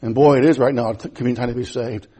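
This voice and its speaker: A man preaching a sermon in a church, impassioned and repetitive, swinging from loud to hushed. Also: mid-range voice, steady tone, very fast, breathy edge. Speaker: pastor.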